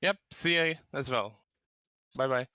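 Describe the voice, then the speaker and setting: Guy, clear voice, halting answers, dry muffled voice chat. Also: mid-range voice, sharp tone, dry recording. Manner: halting, slightly formal phrasing. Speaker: guest racing driver. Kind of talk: interview answers.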